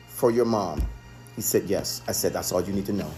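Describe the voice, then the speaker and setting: A man's voice: deep voice, expressive, fairly quick, a little mellow, soft background music. A man, a chef, telling the story of a phone call in an earnest monologue, often repeating himself for emphasis. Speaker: chef and restaurant owner.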